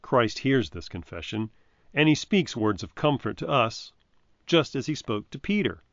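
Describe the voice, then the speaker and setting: A man's voice: medium pitch, very animated, fairly bright tone, no room sound. Man reading a reverent devotional reflection. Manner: measured, reverent reading with emphatic quotes. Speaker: preacher. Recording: dry, dull lo-fi recording.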